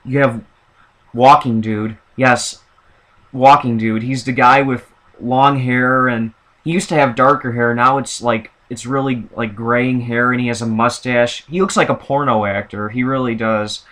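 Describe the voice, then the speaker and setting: A man chats through a casual, opinionated vlog monologue, rambling and circling back with frequent fillers. His voice sits at an average male pitch and carries a bright, forward tone. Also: steady tone, measured pace. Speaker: vlogger.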